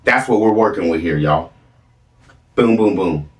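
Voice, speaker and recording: A man's voice: low-pitched, lively intonation, measured pace, echoey room, distant mic, a little hiss or hum. A man hosting a reaction video, mocking a clip with sarcastic commentary and repeated catchphrases.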